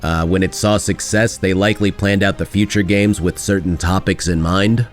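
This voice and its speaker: A man's voice: low-pitched, steady tone, soft background music. A man narrating a scripted gaming video essay in a sarcastic, critical way. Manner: sarcastic, critical, mocks lines with quick put-on quotes.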